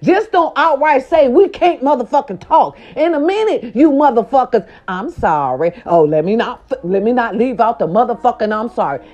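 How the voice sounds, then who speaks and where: A woman hosting a casual commentary show, ranting loudly with lots of profanity and slangy asides, exasperated and outspoken. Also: high-pitched. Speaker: host. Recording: dull lo-fi sound.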